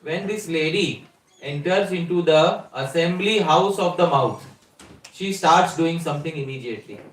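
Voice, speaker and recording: Male spiritual teacher, higher-pitched voice, explains and quizzes listeners, distant mic in a reverberant room. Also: normal speed. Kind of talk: scripture lecture.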